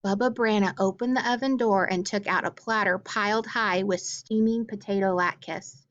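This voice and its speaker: A woman reads a children's picture book aloud at a middling pitch. She stops now and then to explain things plainly for young listeners. The recording is a little dull and lo-fi. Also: steady tone, normal speed. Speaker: storyteller.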